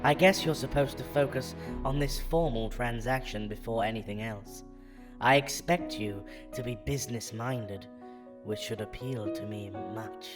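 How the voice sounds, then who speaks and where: A man's voice: mid-range voice, a little slow, close to an everyday voice. A man voicing a female scammer posing as a bank agent, reading her emails in stiff, formulaic phrasing over faint music. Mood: stiffly formal. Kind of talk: reading scam emails aloud.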